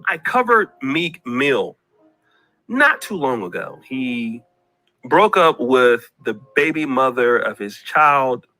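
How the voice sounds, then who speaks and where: A man's voice: medium pitch, very animated, slow, sharp tone, soft background music. A man hosting a commentary vlog, ranting in a preachy way, repeating himself and calling out people by name.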